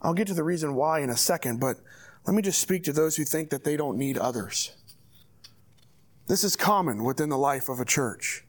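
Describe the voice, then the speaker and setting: A man's voice: fairly high pitch, expressive, normal speed. A man preaching a sermon as pastor, reading scripture and urging his church in an earnest, direct way.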